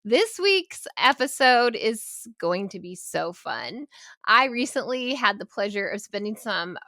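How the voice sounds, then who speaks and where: Woman host, bright tone, high voice, warm and gushing, dry close sound. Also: very animated, a little slow, dry recording. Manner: warm, gushing, laughs easily. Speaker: podcast host. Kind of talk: casual interview chat.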